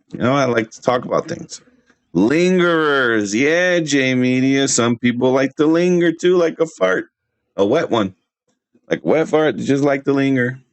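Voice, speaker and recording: A man's voice: medium pitch, dry recording. A man ranting on his livestream in a brash, rambling, trash-talking way, full of restarts. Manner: laughs at his own jokes. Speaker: streamer. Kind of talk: casual livestream rant.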